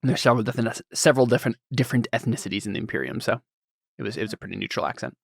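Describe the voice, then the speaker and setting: A man's voice: on the low side, racing, creaky, no room sound, clean studio sound. A man narrating as game master for a tabletop game, rambling and searching for words as he describes the scene.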